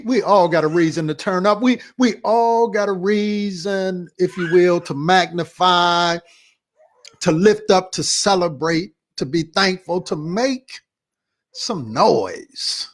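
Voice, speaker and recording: A man hosting a church talk show, casually recapping a sermon in a relaxed, repetitive, slangy way. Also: high voice, a little slow. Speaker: pastor and show host.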